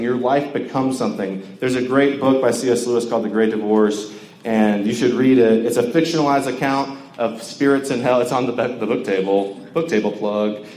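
Young male preacher from Georgia, loose and chatty, mid-pitched voice, reverberant hall with low background hum. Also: a little mellow. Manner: conversational, joking, lots of filler words. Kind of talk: casual sermon to a campus crowd. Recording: echoey hall with faint ambience.

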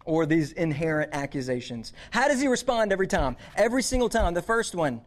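A man's voice: high voice, animated, moderate pace, few pauses. A man preaching a conversational, earnest sermon to teenagers. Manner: conversational, earnest, repeats words. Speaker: youth pastor.

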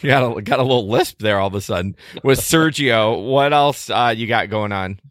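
A man co-hosting a casual podcast chat, blunt and quick to swear when he rants. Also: medium pitch, a bit bright, no echo, clean studio sound. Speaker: podcast co-host.

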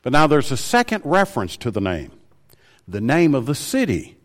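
A man preaching a sermon, slowing down and lifting his voice to stress key phrases. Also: huge pitch swings. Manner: rises in pitch and volume for emphasis, slows on key words.

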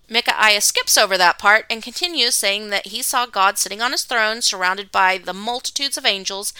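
A woman's voice: medium pitch, bright, forceful tone, smooth, no room sound. A woman hosting a podcast, retelling a Bible story in a casual, playful way with slangy asides. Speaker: podcast host.

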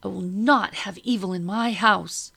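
A woman voicing a shrill, furious mistress of a house who screams and commands. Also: measured pace, creaky, bright, forceful tone, exaggerated voice.

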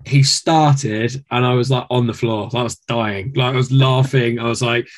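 British guitarist guest, middle pitch, chatty rambling stories, lots of fillers. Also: male voice, moderate pace. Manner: rambling, animated storytelling with many fillers. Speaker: guest musician. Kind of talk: casual interview.

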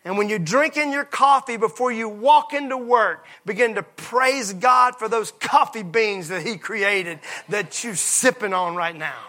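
A pastor preaching a passionate sermon, moving from hushed lines to shouts. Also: male voice, high voice, unhurried, hardly any pauses.

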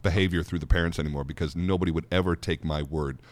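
A man's voice: a bass voice, fairly even intonation, fast. A man in his later years hosting a podcast, talking casually and dropping in wry asides. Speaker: podcast host. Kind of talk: casual chat.

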